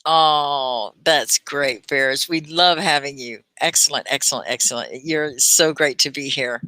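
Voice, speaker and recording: A woman hosting a live English lesson who encourages and praises her learners by name and models words slowly, syllable by syllable. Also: extremely low pitch, sharp tone, no room sound. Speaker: ESL teacher and live-stream host.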